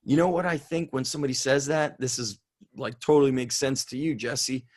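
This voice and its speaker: A man's voice: medium pitch, brisk. A middle-aged man, a strength coach, talking bluntly and swearing freely in a casual interview.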